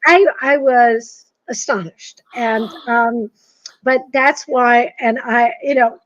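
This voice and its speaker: A woman in her sixties from Massachusetts, an author telling stories as a guest in a casual interview, animated and self-deprecating. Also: on the high side, slow, dry recording. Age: 60s. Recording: dull, dry sound.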